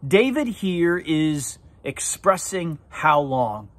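A man's voice: fairly high pitch, very animated, fairly bright tone, no echo. A man as a pastor, giving a devotional sermon with a prayer, drawing out his words for emphasis. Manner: slow, deliberate, drawn-out emphasis.

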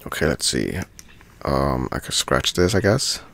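A man's voice: very deep voice, big pitch swings, unhurried, creaky, fairly bright tone. A man giving casual commentary while playing a video game, thinking aloud and easily delighted by small things. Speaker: gaming channel host.

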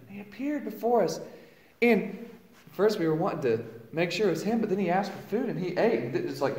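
A man preaching a dramatic first-person monologue, storytelling and swinging from hushed lows to loud exclamations, recorded in a church. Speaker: pastor. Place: church sanctuary. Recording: roomy echo.

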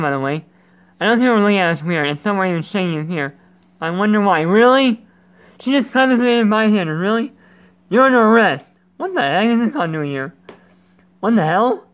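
A man's voice: high-pitched, lo-fi sound. A man hosting his gaming channel with casual let's-play commentary, rambling and goofy, breaking off mid-thought. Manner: rambling, self-interrupting, goofy.

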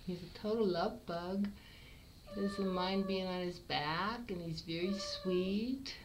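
A middle-aged woman cat breeder presents her kittens with fond, unhurried praise. Her voice sits fairly low and moves slowly. A faint hiss sits under the voice. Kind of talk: casual kitten showcase.

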